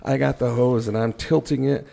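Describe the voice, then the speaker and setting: A middle-aged man telling a story on a podcast, animated and joking as he goes. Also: medium pitch, moderate pace, vocal fry. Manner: animated storyteller, jokey asides. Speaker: podcast guest. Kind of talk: casual storytelling.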